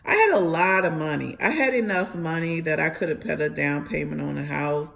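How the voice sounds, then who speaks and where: A woman's voice: low voice, brisk, gravelly, a bit bright. A young adult woman telling her own story in a rambling way, with many fillers and restarts. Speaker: ex-member sharing her story. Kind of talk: personal storytelling monologue.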